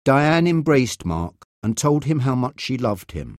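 A man reading a story aloud as narrator, slowly, clearly and deliberately. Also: mid-range voice, big pitch swings, dry recording, clean studio sound. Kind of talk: scripted narration of a graded reader.

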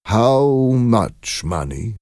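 A man voicing a worried older father in a storybook reading, gentle and hesitant in how he speaks. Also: mid-range voice, very animated, drawn-out words, no echo, clean studio sound, pitched above the performer's own voice, heavily acted. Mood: hushed.

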